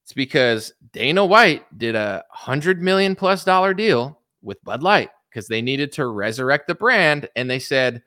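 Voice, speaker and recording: Bright-voiced man ranting sarcastically. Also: medium pitch, expressive, measured pace, hardly any pauses, dry recording, studio quality. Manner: sarcastic, mocking, profane. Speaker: online commentator. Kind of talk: ranting commentary.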